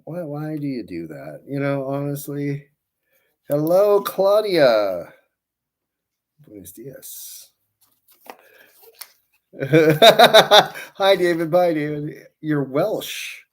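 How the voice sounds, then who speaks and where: A man's voice: fairly high pitch, lively intonation, slow pace, a bit bright. A man chatting casually with viewers on a livestream, greeting them by name and rambling through friendly asides while he twists balloons. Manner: works with his hands while talking. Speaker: balloon twister streaming live.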